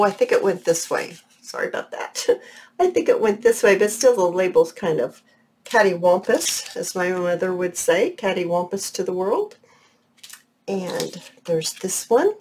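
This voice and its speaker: A woman hosting a craft tutorial vlog, chatting warmly and gushing over her projects as she works. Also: mid-range voice, a little hiss or hum. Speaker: crafting channel host.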